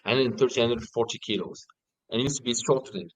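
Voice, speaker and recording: A young man in a casual interview, telling stories in an animated way and swearing often. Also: mid-range voice, fast, low-quality recording. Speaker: guest.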